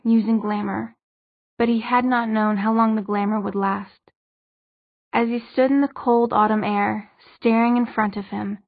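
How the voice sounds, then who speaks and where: A woman narrating an audiobook in a measured, husky voice, on a tinny, dry recording. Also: medium pitch, no echo.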